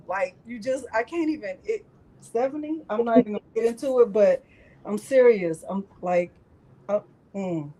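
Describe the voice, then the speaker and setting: A woman's voice: fairly high pitch, animated, moderate pace, warm tone, rough recording. A woman hosting a live crafting stream in casual chat, rambling and emotional, often repeating herself.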